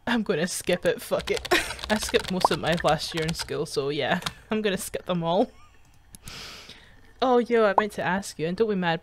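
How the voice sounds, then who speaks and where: A woman's voice: medium pitch, a little hiss or hum. A young woman giving casual gaming commentary as she reads chat messages aloud, swearing and laughing often, with a sarcastic edge. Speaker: gaming streamer.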